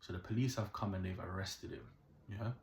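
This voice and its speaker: A man's voice: sits low, brisk, a little hiss or hum. A young man from the Caribbean telling a true story casually, checking in with "yeah?" and drawing moral lessons. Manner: animated, keeps asking "yeah?", moralizing. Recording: echoey room.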